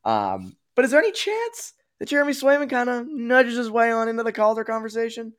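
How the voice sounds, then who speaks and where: A man's voice: very high-pitched, very animated, a little fast, fairly bright tone. A man from the Boston area hosting a casual sports talk podcast, rambling with lots of fillers and restarts. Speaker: podcast host.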